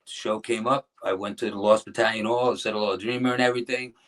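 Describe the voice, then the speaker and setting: A man's voice: fairly low pitch, fairly even intonation, quick pace, a bit bright. Rambling New man telling stories. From New Jersey. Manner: rambling, restarts, acts out quotes of others. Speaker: guest, former pro wrestler. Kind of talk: casual interview storytelling.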